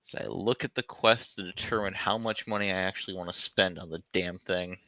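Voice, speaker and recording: A man plays in a tabletop game, speaking plainly as he haggles in character. His voice is bright and forceful, and the dry sound puts him close to the mic. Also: sits low, steady tone, a little fast, no echo, rough recording. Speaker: player.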